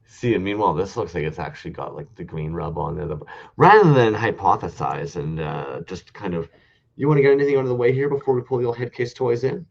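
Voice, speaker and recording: A man's voice: on the low side, fast talker, creaky. Profane, rambling man on a lo-fi stream. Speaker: podcast co-host. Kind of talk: casual chat with heavy swearing.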